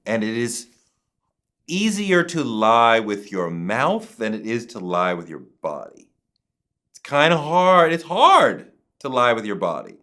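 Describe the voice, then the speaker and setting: A male interview guest recounting a story with lots of rise and fall in his voice. He is emphatic, swears casually and slips into other people's voices as he quotes them. His pitch sits in a middle range for a man. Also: sing-song, a little slow, bright, forceful tone.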